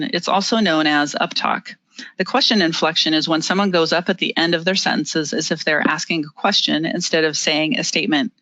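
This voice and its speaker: A presenter teaching interview skills in a webinar, explaining each step clearly with the odd filler and small laugh. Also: mid-range voice, bright, forceful tone, dry recording, lo-fi sound. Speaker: webinar presenter on body language. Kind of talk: instructive presentation.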